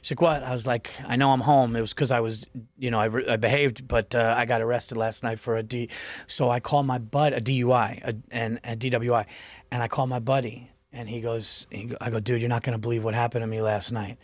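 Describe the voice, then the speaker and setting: Rambling storyteller from New York's suburbs, dry sound. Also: male voice, mid-range voice, brisk, no room sound. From New York suburbs. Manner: rambling, animated storyteller acting out quotes. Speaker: podcast host. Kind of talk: casual chat, storytelling.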